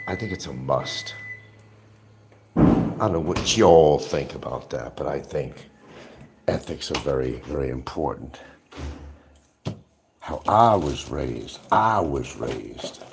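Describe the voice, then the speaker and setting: A man's voice: a bass voice, big pitch swings, slow, gravelly, pauses often, noisy background. An older man rambling in a casual, opinionated monologue to his viewers as a livestream host. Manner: opinionated, drifting, talks to viewers.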